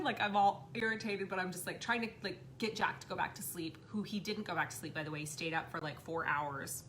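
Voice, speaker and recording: On her live stream, a thirty-something spiritual medium chats through a personal anecdote, peppered with curses and plenty of "like" and "right." She talks fairly quickly in a lowish, pushed, bright voice over slight background noise.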